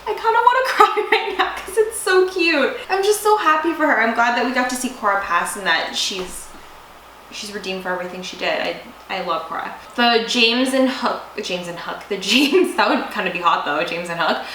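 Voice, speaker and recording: A woman's voice: mid-range voice, expressive, fairly quick, sharp tone. A young woman co-hosting a casual TV review chat, gushing and giggly, swearing casually. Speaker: co-host. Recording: echoey room with faint hiss.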